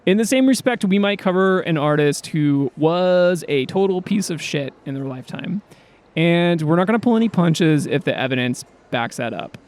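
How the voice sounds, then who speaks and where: A man's voice: on the high side, expressive, normal speed, darkish tone. A man co-hosting a podcast in casual, partly scripted banter, irreverent and joking, with the odd swear word. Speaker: podcast co-host.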